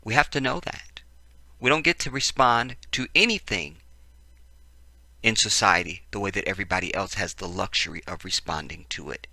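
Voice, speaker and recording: A man ranting into a close, dry mic, his fairly low voice cutting hard and sharp. He swears freely, repeats his points for emphasis and keeps checking in with his listeners. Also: moderate pace, vocal fry, no room sound. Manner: profane, emphatic, repetitive; frequent "see what I'm saying" asides. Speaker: political commentator. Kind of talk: ranting video commentary.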